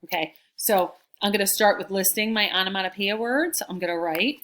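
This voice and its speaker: A woman's voice: mid-range voice, a little fast. A woman teacher reading a chapter book aloud and explaining it to her students in a remote lesson. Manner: chatty, explanatory, expressive reading.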